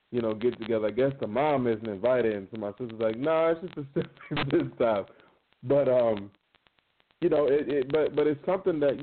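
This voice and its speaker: A man, chatting casually as a guest, with many fillers. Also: on the low side. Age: 30s. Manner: conversational, many fillers, laughs while telling stories. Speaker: guest panelist. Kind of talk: casual chat. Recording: tinny phone line with faint noise.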